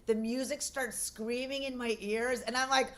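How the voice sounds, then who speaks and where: Brash comedian in her forties, slightly high voice, swears freely and jumps between characters in her stories. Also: moderate pace. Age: 40s. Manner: brash, profane, animated storytelling with acted-out voices. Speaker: comedian guest. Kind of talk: casual podcast chat, storytelling.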